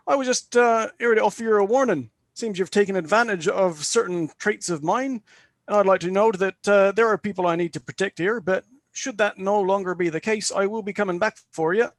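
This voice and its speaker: A man's voice: sits high, no echo, studio quality. A man voicing a doom-haunted male warlock who delivers his threats with mocking, elaborate politeness.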